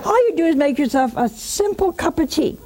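A woman hosting a religious call-in show, teaching in an animated way, mocking with put-on quotes and dropping to a hush for emphasis. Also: sits high, a little fast. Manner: animated, mocks with put-on quotes, drops to a hushed whisper for emphasis.

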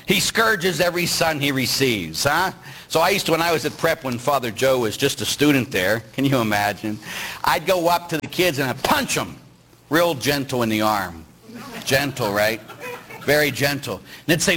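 In a low-quality recording, a middle-aged Catholic priest preaches a sermon in a medium-pitched, animated, sharp voice at a moderate pace. He poses rhetorical questions and acts out different voices.

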